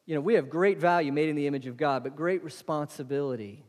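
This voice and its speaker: A man's voice: on the high side, fast, a little mellow, big-room sound. A man preaching a sermon as pastor, emphatic and calling on the congregation to respond.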